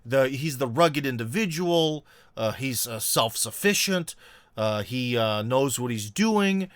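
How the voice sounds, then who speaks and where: A man running a casual live-stream discussion. He rambles through fillers and joking asides. His voice sits mid-pitch, dry and close to the mic. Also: animated, takes it slowly, dry recording. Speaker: host.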